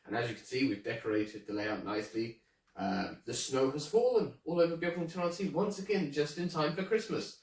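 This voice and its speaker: A man's voice: a little high, fairly quick, a little mellow, echoey room, far from the mic, rough recording. A man presenting his model railway in a casual show-and-tell, chatty and hesitant, with many ums. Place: indoor room with a model railway layout.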